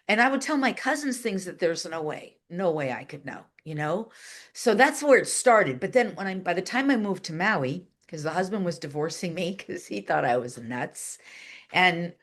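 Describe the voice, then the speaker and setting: A woman being interviewed, telling a long story in a chatty, animated way, with lots of "like" and voices acted out in quotes. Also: fairly low pitch, normal speed. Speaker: guest, channeler and animal communicator.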